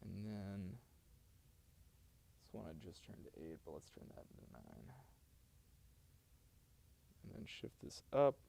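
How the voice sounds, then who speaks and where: A man's voice: low voice, big pitch swings, slow pace, creaky, long pauses, dark tone, slight background noise. A man streaming live, greeting his chat with playful, joking banter. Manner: playful, joking, goofy asides. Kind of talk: casual livestream chat.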